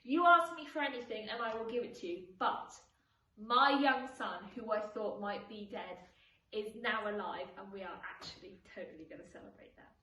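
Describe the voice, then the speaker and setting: A man's voice: high-pitched, moderate pace. A woman doing a joyful forgiving father. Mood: reassuring. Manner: warm relieved pleading. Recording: echoey room, distant mic.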